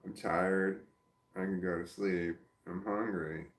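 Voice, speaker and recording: Taking it slowly in a deep, steady voice, a man records a casual personal vlog full of self-reflection, rambling and restarted sentences. He uses soft baby-talk with his dog, and a roomy echo fills the recording.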